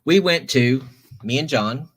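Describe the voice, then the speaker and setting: A man's voice: mid-range voice, lively intonation, unhurried, a bit bright, husky. A man hosting a stream, telling a long story casually, rambling with many restarts and self-corrections.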